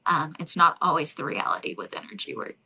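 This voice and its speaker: A woman energy healer talking in a relaxed podcast interview, reflective and loose, with many fillers and light laughs. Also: low-pitched, fairly quick, breathy edge, low-quality recording. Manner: warm, reflective, frequent fillers and soft laughs. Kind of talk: casual interview talk.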